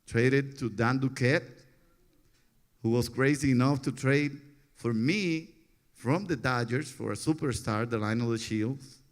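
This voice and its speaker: A man, telling stories in a relaxed interview, often laughing and getting animated when he quotes others. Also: medium pitch, a little slow. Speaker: interview guest, former pitcher.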